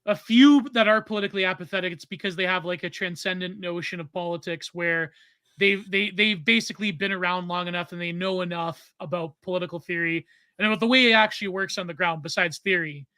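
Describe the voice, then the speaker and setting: A young man co-hosts a casual livestream with a high, sharp voice. He chats loosely, trailing off with plenty of filler. His voice sounds dry and close. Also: steady tone, fast, clear, resonant tone, no echo. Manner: chatty, trailing off, lots of likes and filler. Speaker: podcast co-host.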